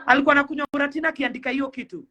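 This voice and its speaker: Fiery Kenyan woman, sharp-voiced rant. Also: sits high, steady tone, muffled recording. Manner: pleading, fiery, rapid-fire rhetorical questions. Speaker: celebrity influencer. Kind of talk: impassioned rant to camera.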